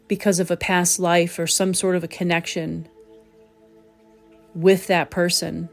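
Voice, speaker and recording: Low-voiced woman giving a gentle talk. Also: level tone, unhurried, vocal fry, pauses often, faint music behind. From southern New England. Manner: gentle, searching for words. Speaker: psychic medium, host. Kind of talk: reflective spoken talk.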